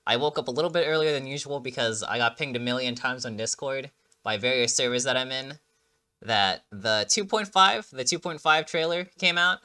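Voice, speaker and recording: A man casually chatting through a game trailer reaction, excitable and rambling with lots of fillers and restarts, sounding like he just woke up. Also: mid-range voice, moderate pace, clean tone.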